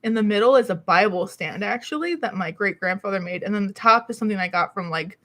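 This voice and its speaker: A woman's voice: mid-range voice, quick pace, fairly bright tone. A woman chatting casually on her home vlog, rambling and self-deprecating, a little out of breath and coughing now and then. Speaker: beauty YouTuber. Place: small city apartment alcove.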